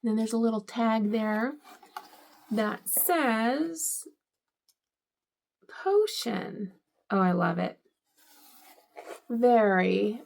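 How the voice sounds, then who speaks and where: A woman's voice: fairly high pitch, creaky, darkish tone. A middle-aged woman in a casual home vlog, unboxing gifts and gushing with delight, often repeating how much she loves each item. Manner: gushing, delighted, lots of "I love it".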